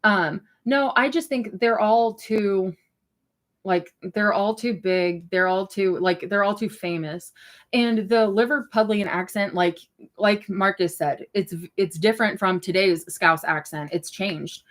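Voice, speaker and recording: A woman with a mid-range voice hosts a relaxed livestream, reacting to comments as they come in. She talks in a loose, rambling way, full of fillers and quick asides. Her delivery is animated, with occasional swearing. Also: medium pitch. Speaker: livestream host. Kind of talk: casual livestream chat reacting to viewer comments.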